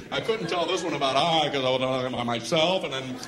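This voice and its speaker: A man performing a stand-up comedy set on a club stage, breaking into loud, high, silly voices for his bits. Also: fast. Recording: roomy club sound, loud crowd noise. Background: audience laughter.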